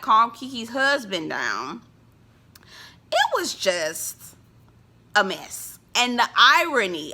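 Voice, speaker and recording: A woman's voice: mid-range voice, pushed and bright. A woman recapping a reality TV episode, sassy and gossipy, with frequent laughs. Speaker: TV reviewer. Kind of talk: casual reality-show recap.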